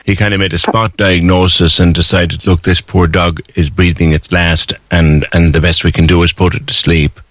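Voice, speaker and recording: A man with a low, deep voice hosts a phone-in from a dry, close studio. He speaks in calm, measured prompts and short murmured replies. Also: dry recording. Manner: calm, brief backchannel, slow measured prompts. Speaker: radio host. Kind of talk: radio phone-in chat. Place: radio studio.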